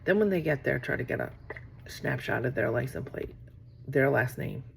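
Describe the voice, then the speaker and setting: Middle-aged woman, casual vlog talk, gravelly fry in the voice, rambling, faint background hiss. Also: rumbling low, animated, moderate pace. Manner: rambling, acts out quoted exchanges. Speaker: vlogger. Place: office.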